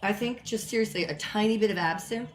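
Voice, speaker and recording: A woman's voice: a little fast, over music. A woman hosting a casual home cocktail live stream, chatty and rambling with self-deprecating asides, a little out of breath. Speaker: home cocktail show host. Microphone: built-in mic, not her usual one. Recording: echoey room, lower audio quality.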